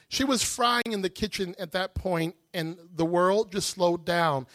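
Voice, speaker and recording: A man giving a testimony in a sermon, an animated, dramatic storyteller. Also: high-pitched, a little slow, hardly any pauses. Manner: animated, dramatic storyteller who acts out voices. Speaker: guest speaker giving testimony.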